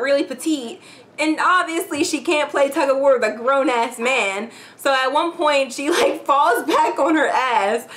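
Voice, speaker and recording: A woman with a high, light voice chats through a storytime vlog. She talks loosely and casually, with plenty of swearing and filler words. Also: a bit bright. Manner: chatty, profane, filler-heavy storytelling. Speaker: YouTube vlogger.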